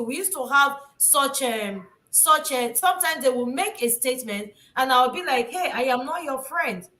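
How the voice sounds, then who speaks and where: Woman host, high voice, halting speech, many fillers, roomy echo. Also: sharp tone. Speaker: talk show host. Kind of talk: casual discussion. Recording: echoey room.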